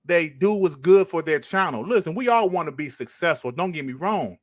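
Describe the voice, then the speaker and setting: A man's voice: fairly high pitch, animated, fairly quick, no room sound, studio quality. A man hosting a podcast, ranting casually and emphatically, swearing and repeating points for stress. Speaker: podcast host.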